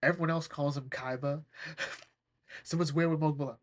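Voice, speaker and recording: A podcast host retelling a cartoon episode as comedy, rambling through jokes and asides. The voice swings widely in pitch, lively and animated, with a loose, conversational delivery. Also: fast, husky. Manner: rambling, joking, often laughing.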